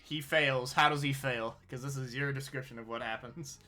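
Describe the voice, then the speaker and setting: A man's voice: medium pitch, steady tone, moderate pace, pushed and bright. A man playing a tabletop game, joking and laughing with the group. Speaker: player. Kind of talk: casual chat.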